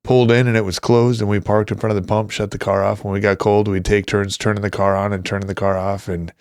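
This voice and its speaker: Man, middle-aged, low voice, dry close sound, casual storytelling, animated quotes. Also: fast, smooth, no room sound. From North Dakota, US. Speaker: guest, retired Army Ranger.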